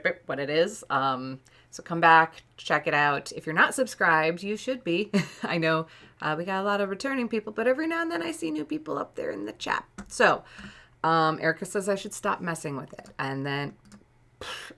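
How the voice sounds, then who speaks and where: Chatty woman in her late thirties, lower voice. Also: bright, forceful tone. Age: late 30s. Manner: chatty and rambling, laughs often. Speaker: art streamer. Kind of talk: casual live-stream chat while painting.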